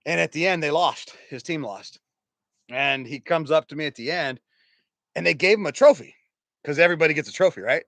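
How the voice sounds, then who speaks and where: A pastor around fifty preaching a sermon, telling stories in an animated, conversational way and chuckling as he goes. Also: fairly high pitch, a little fast, no echo. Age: about 50. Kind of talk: storytelling sermon.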